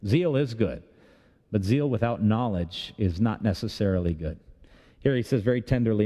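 A man delivering a sermon from the pulpit of a church. His voice is mellow and warm, and it carries a long reverb through a large hall. He preaches in a conversational way, full of rhetorical questions and light humor. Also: fairly low pitch, animated, normal speed. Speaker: pastor.

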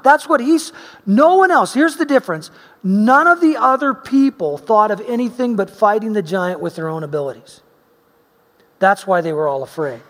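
Male preacher, high-pitched, lively storyteller who shifts from loud to hushed; large echoing hall. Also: normal speed. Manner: animated storyteller, swinging between loud emphasis and quiet asides. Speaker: pastor. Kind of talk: sermon with personal storytelling. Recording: long reverb of a large hall.

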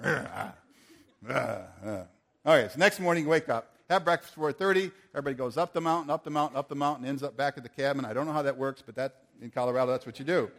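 Animated male preacher telling a story. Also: a little high. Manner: animated, acts out the people in his story. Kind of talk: storytelling sermon.

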